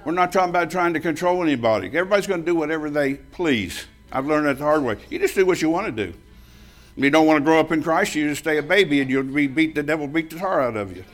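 A preacher in his seventies gives a sermon in a church and drifts into a personal story. His voice is a little high for a man, and he speaks fast and expressively in a folksy, emphatic style, often breaking into laughter.

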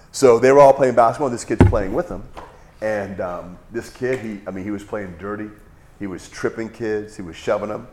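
A man's voice: mid-range voice, a little mellow. A middle-aged man teaching from the Bible in a loose, conversational way. His voice sits in an ordinary middle register, and he wanders through personal anecdotes with false starts before returning to the text. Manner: rambling, folksy storytelling with frequent restarts.

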